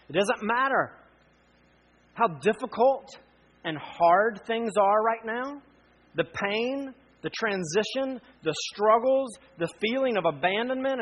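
A man in his thirties preaching a sermon, earnest, with frequent pauses that build to emphatic appeals. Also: high voice, a bit bright, poor audio. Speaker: pastor.

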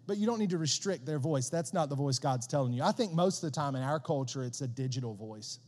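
A man preaching a sermon as a pastor, conversational and animated, often repeating words as he builds a point. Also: mid-range voice, quick pace, long reverb tail.

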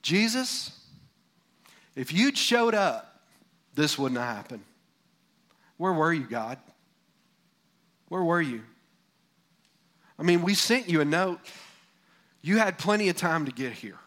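A grieving woman who pleads and reproaches, voice rising in hurt then sinking low, as a male preacher acts her out. Her words come slow and aching. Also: sing-song, fairly bright tone, exaggerated voice. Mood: grieving, reproachful. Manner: pleading, accusing.

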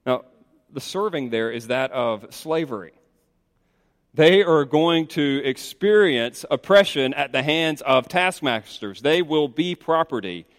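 A male pastor preaching a sermon, emphatic and animated, swinging between loud insistent stretches and hushed asides. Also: a little high, a little slow. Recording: reverberant hall.

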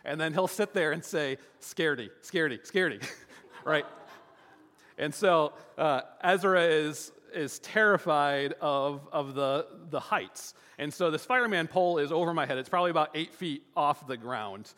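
Man, 30s, slightly high, bright voice; casual rambling storyteller full of fillers; long hall reverb. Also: unhurried. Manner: rambling, many fillers and restarts. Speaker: father telling a family story.

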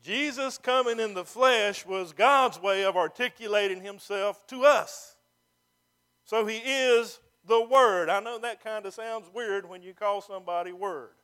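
Man, pastor, high voice, emphatic preaching, drawn-out phrases. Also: sharp tone. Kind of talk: sermon.

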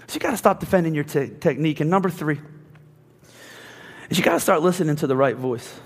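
A man's voice: on the high side, fast, long pauses, husky. A man preaching a sermon as pastor, passionately acting out the voices of listeners and Bible figures. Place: church hall. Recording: long reverb with faint music behind. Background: faint instrumental music.

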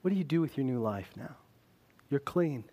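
A man preaching a sermon, swinging between loud emphasis and quiet intensity. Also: mid-range voice, animated, normal speed.

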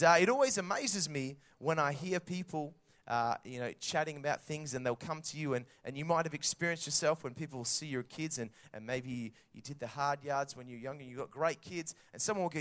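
A man in his thirties with an Australian accent, preaching a sermon and telling stories with lively acted-out quotes. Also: a little high. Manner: animated storytelling with acted-out quotes. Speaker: pastor.

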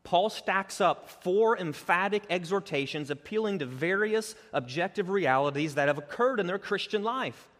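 A man with a fairly high voice preaches a sermon, earnest and emphatic, climbing higher and louder as he drives his points home. His voice carries a long, ringing reverb, as if recorded in a large church hall. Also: lively intonation, normal speed, hardly any pauses. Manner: earnest, building emphasis, rises in pitch and force as he presses a point. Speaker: pastor.

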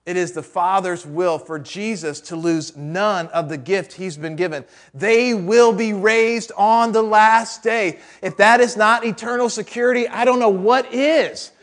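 In a high-pitched male voice, a pastor delivers a conversational sermon, quizzing the congregation with rhetorical questions and slipping in jokes.

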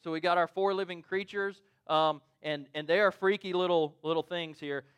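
A man's voice: high voice, steady tone, normal speed, a bit bright, clean tone. A man preaching a sermon in a conversational, storytelling way, often checking in with "right?". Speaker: pastor.

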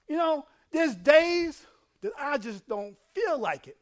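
A male pastor preaching a sermon, dropping to a low murmur and then building to shouting, with frequent laughs. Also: very animated, slow pace. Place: church.

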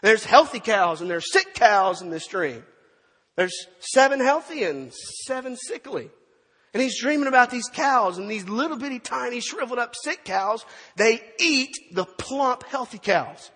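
High-voiced husky man preaching. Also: a little slow, in a large hall. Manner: storytelling, animated, with acted-out quotes and asides to the congregation. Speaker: pastor. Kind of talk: sermon.

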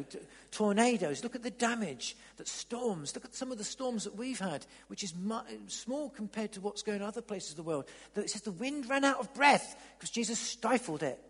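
A man preaching an evening sermon in a church hall, dramatic and swinging from loud to near-whisper. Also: high voice, slightly rough. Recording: long reverb in a large hall.

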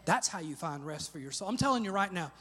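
A male pastor delivers an animated sermon, shouting on key lines and having the congregation repeat words after him. His husky voice sits high and moves fast, trailing a long reverb tail.

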